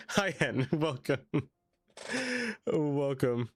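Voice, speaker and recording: A man's voice: medium pitch, big pitch swings, a little slow, no echo. A man live-streaming a city-building game, chatting casually and reading chat aloud, ranting animatedly and laughing often.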